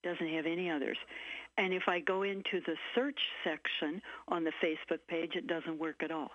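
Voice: mid-range voice, steady tone, moderate pace, a bit bright, no echo. A caller phoning a radio show, hesitant and unsure while describing a computer problem. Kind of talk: phone-in question. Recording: dry, dull phone-in audio.

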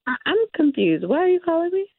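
Gravelly woman on a tinny phone line. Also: extremely high pitch, sing-song, fast talker. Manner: confused, defensive. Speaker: prank call target. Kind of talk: phone conversation.

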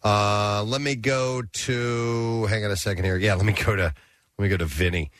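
A man's voice: on the low side, fairly even intonation, normal speed, a bit bright, no room sound. A man hosting a radio talk show, chatting loosely and taking callers. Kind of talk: casual chat. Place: radio studio.

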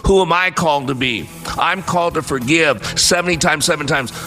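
A man's voice: fairly high pitch, a little fast, bright, forceful tone, soft background music. A man in his fifties hosting a faith-based motivational radio talk, speaking with earnest, preacherly emphasis. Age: 50s. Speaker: radio host.

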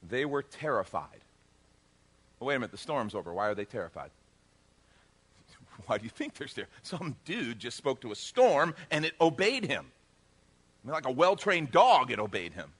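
A middle-aged man preaching with a high, lively voice that swoops up and down as he acts out each scene. His tone is bright and ringing. He jokes easily with the congregation and slips into the characters' voices as he tells the story. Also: husky. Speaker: pastor. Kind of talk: sermon.

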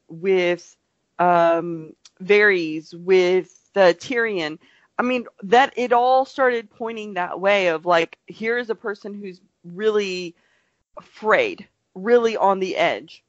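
A woman's voice: medium pitch, no echo, highs cut off. A woman co-hosting a podcast, chatting casually and rambling with lots of fillers. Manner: rambling, filler-heavy, animated retelling. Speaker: podcast co-host. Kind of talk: casual chat.

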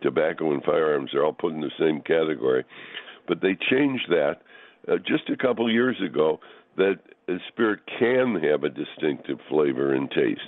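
A man's voice: rumbling low, lively intonation, moderate pace, no room sound. A man, a regular spirits guest, talking casually and unhurriedly with many fillers and restarts. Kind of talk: casual on-air chat. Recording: tinny phone line.

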